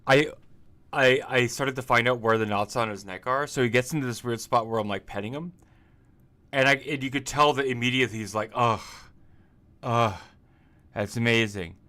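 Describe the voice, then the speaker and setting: A man's voice: mid-range voice, brisk, bright, forceful tone. A man chatting casually on a livestream as an indie game developer, rambling, laughing often and restarting his sentences.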